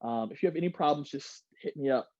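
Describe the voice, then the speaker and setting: A man giving an energetic online workshop, reading out audience replies and laughing often. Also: mid-range voice, quick pace, dry recording, highs cut off. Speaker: workshop speaker. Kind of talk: interactive online workshop talk. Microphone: video call.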